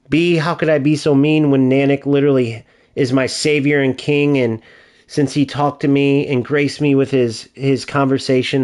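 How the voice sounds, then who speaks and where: A man's voice: medium pitch, darkish tone, clear, resonant tone. A man streaming a video game, ranting in casual, profane commentary.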